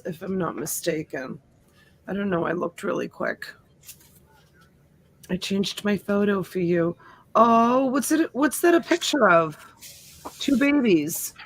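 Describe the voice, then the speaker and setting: A woman's voice: mid-range voice, a bit bright, dry recording. A middle-aged woman, born in Sicily and raised in the US, hosting a casual livestream and greeting viewers by name. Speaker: livestream host. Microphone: desk USB mic.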